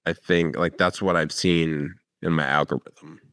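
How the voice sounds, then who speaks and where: A man's voice: extremely low pitch, fairly even intonation, a little slow, a bit bright, no room sound, clean studio sound. A man co-hosting a podcast in casual chat, laughing often and spinning rambling hypotheticals. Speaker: podcast co-host.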